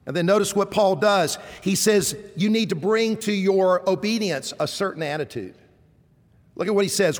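Middle-aged Southern pastor, fairly high voice, preaching with emphatic swells and soft asides, long reverb of a church hall. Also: male voice, moderate pace. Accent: Southern American. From American South. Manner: emphatic preaching, swinging from loud exhortation to soft tender asides. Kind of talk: sermon.

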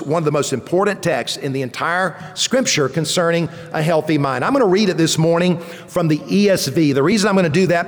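A man, a pastor, preaching a sermon with emphatic swells on key words. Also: a little high. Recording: long church reverb.

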